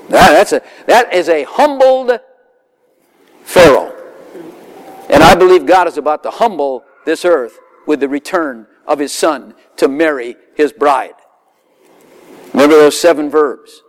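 A man's voice: fairly high pitch, normal speed. A man preaching a sermon, telling stories with laughter and acting out quoted voices. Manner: animated storytelling with laughs, dramatic quoted voices.

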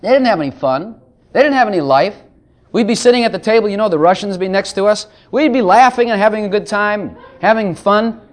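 A man's voice: high-pitched, fairly quick. A man preaching a sermon, joking between passages of scripture he reads aloud. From Texas.

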